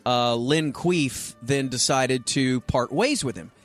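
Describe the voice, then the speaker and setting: A man co-hosting a radio show, chatting casually and telling a long story to his co-hosts in an animated way. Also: mid-range voice, takes it slowly, faint music behind. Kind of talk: casual sports-radio banter.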